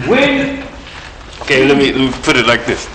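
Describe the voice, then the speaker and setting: A man preaching a sermon in a conversational style, repeating his phrases and swinging between loud and quiet. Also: mid-range voice, huge pitch swings, normal speed, slight background noise. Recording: echoey room from a distant mic.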